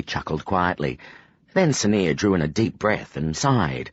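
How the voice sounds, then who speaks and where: A man narrating a fantasy audiobook with expressive storytelling. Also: low-pitched, measured pace, breathy edge, no echo. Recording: dull lo-fi audio, dry.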